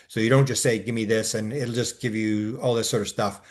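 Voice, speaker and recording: A man co-hosting a casual discussion, talking in long rambling stretches full of restarts and filler sounds, and growing animated as he recounts his exchanges. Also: lowish voice, fairly quick. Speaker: co-host.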